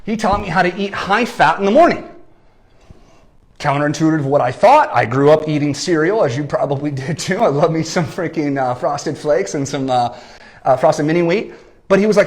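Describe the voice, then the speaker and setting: A man in his thirties giving an animated business coaching talk, often checking in with "okay?" and "right?". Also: fairly high pitch, a little fast. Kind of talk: energetic marketing talk. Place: lives in San Diego.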